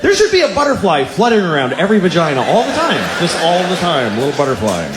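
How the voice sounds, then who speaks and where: Man, stand-up comedian, quick riffing, loud bursts, lively voice, somewhat high. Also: echoey room, noisy background.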